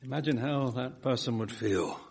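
Preaching a sermon from the pulpit, a man with a slightly husky voice swells into emphatic lines, then drops low and soft on single words. His delivery is rhythmic and earnest at a moderate pace.

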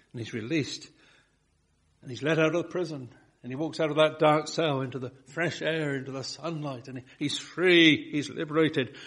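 A man preaching from the pulpit, his voice slightly husky. He swells into emphatic lines and then drops low and soft on single words. The delivery is rhythmic and earnest. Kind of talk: sermon.

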